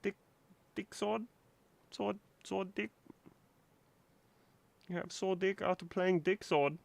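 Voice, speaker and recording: A man's voice: high-pitched, slow pace, gravelly. A man hosting a maker livestream, chatting crudely and joking while he solders at his workbench. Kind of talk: casual streaming chat while soldering. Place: home workbench.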